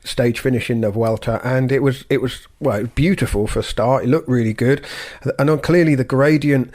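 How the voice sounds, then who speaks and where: A man's voice: mid-range voice, a little fast, a little mellow. A man co-hosting a sports podcast, talking through his thoughts in a rambling, unscripted way. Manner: rambling, many fillers and restarts, thinking aloud. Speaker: podcast co-host. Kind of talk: casual podcast chat.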